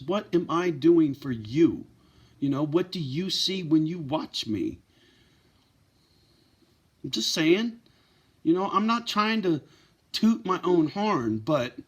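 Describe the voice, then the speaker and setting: A man's voice: on the high side, slightly rough. A man running a pit bull rescue channel, talking bluntly and emotionally to his viewers in a profane, heartfelt vlog. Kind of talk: candid direct-to-camera vlog.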